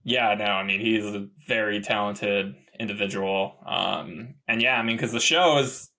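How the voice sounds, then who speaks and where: A man co-hosting a podcast in casual chat, rambling and rising into excited outbursts. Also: fairly low pitch, normal speed. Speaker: podcast co-host.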